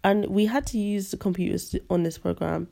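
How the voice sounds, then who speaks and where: A young woman hosting a podcast, telling stories in an animated, ranting, slangy monologue. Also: mid-range voice, fairly quick, gravelly. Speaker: podcast host. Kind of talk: casual storytelling monologue.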